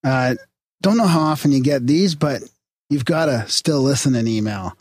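A man's voice: medium pitch, lively intonation, normal speed, darkish tone, husky, dry recording. A man co-hosting a podcast, casually reading listener emails aloud with chuckles and restarts. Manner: laid-back, reads aloud with chuckles and restarts.

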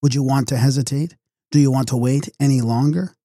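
A man's voice: medium pitch, steady tone, brisk, dark tone, no room sound, clean studio sound, close to an everyday voice. A man voicing a shy, eager young disciple who presses his friend impatiently. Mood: urging.

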